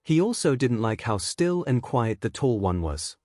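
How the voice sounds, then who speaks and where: A man reading a fan-fiction story aloud as a narrator, in a measured storytelling way. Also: medium pitch, big pitch swings, darkish tone, no echo, studio quality.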